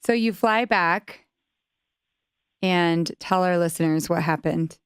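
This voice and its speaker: A woman hosting a podcast asks her guest short prompting questions. Her voice is smooth and clear, pitched a little low. The sound is dry and close. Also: slow, no echo. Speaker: podcast host. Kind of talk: interviewer questions.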